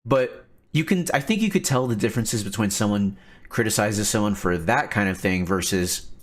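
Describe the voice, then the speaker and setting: A man hosting a casual commentary stream, animated and quick to laugh. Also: fairly low pitch. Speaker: stream host.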